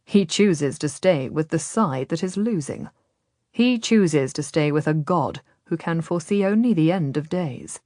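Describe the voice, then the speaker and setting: A woman voicing a smooth, persuasive Ottoman nobleman who speaks quietly and gently in an audiobook. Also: deep voice, animated, a little slow, dry recording, studio quality. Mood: coaxing, ominous.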